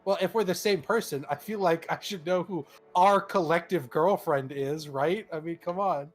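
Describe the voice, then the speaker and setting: A man's voice: fairly high pitch, normal speed, faint music behind. Bantering male tabletop player. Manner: joking, argumentative. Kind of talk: casual banter at a tabletop game session.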